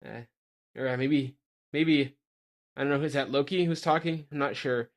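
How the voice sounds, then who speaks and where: A man's voice: fairly high pitch, fairly even intonation, moderate pace. Man reading comic lines aloud. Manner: reads quoted lines with playful voices. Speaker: podcast host. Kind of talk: casual chat, reading manga lines aloud.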